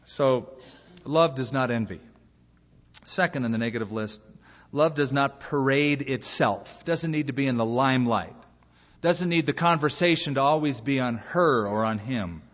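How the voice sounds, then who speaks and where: A male pastor preaching a sermon in a lively way, acting out bits of dialogue between points. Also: mid-range voice, normal speed. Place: church sanctuary. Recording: muffled live recording in a reverberant hall.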